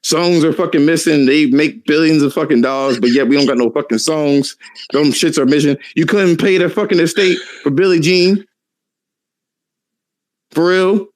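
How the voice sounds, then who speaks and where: A man's voice: a little high, normal speed. A man hosting a casual podcast, ranting animatedly and cursing a lot. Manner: profane, animated ranting with laughs. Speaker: podcast host.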